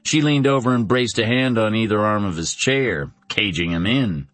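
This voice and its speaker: A man narrating an audiobook in a measured, dramatic storytelling manner. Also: on the low side, fairly bright tone, no echo, faint music behind. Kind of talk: scripted narration.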